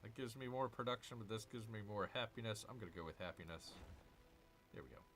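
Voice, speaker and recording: Man, gaming host, bright tone, casual let's-play chatter, mutters through his turns. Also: on the low side, quick pace, a little hiss or hum. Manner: chatty, answers viewer chat while muttering over his moves.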